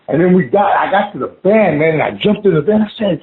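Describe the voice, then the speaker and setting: A man casually telling a scary story of his own, animated and swearing, saying "man" at every turn. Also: high voice, fast talker, few pauses. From Oklahoma. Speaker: guest telling an encounter story. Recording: phone-line call audio.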